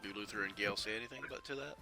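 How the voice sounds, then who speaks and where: A man narrating a tabletop game as game master, talking in a halting way with fillers and often clearing his throat. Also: on the low side, over music.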